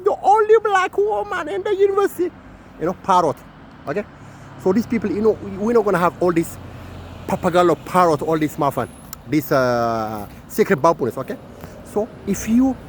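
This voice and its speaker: A man rants in a rambling monologue, tagging "my friend" onto everything. His voice sits a little high and bounces wildly in pitch, swinging from loud bursts to low mutters. He is recorded outdoors with faint traffic behind him. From Horn of Africa. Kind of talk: ranting monologue.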